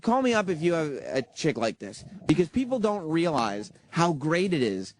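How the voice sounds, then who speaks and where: A man's voice: a little high, sing-song, moderate pace, no room sound. A man hosting a radio show, chatting and teasing his co-host in casual studio banter, with many fillers.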